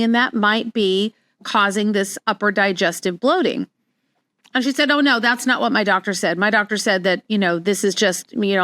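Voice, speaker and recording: A middle-aged woman hosting a casual solo podcast about her practice, telling personal stories candidly and growing animated as she quotes herself. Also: mid-range voice, no room sound. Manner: candid, animated when quoting herself, frequent restarts. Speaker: podcast host, wellness practitioner.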